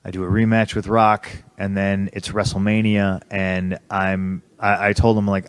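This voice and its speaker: A man's voice: low voice, level tone, a little slow, hardly any pauses, clear, resonant tone. A man in an interview telling his story bluntly, swearing often and restarting his sentences. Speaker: interview guest. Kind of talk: candid conversational storytelling.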